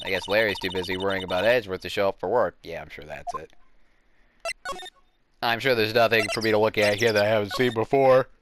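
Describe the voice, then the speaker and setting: A let's-play host giving casual gameplay commentary in a sarcastic, deadpan way, with game music underneath. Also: deep voice, quick pace, background noise.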